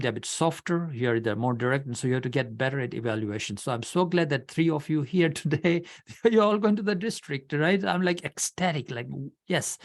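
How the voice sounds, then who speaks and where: A man leading an orientation at an online club meeting, talking in a blunt, direct way with frequent restarts. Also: mid-range voice. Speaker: club leader giving member orientation.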